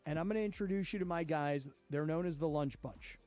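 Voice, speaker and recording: A man hosting a radio sports talk show, telling stories in relaxed, unhurried studio banter. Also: fairly high pitch. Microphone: studio microphone.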